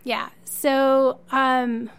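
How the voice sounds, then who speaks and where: Woman podcast cohost gushing about her fandom, kinda high voice, laughs a lot. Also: little pitch movement, drawn-out words, a bit bright, smooth. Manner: enthusiastic fan, chatty and laughing. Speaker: podcast co-host. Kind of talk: casual chat.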